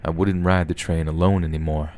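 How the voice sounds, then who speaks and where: A man voicing a menacing, hulking male stranger on a train, with a quiet, taunting manner in a horror story reading. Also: deep voice, level tone, a little fast, slight background noise, natural voice.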